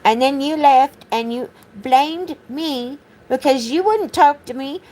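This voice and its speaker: A woman's voice: high voice, slow pace, darkish tone, rough recording. A woman talking straight to the camera in a blunt, profane, accusatory monologue, repeating her phrases as she rambles. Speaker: vlogger.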